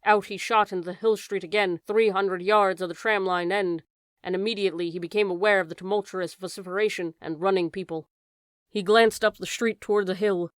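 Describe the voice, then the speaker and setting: A woman narrating a classic science fiction novel as an audiobook, reading dramatically and raising her voice for shouted lines. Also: medium pitch, clear, resonant tone, no echo, studio quality. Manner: raises voice sharply for shouted lines.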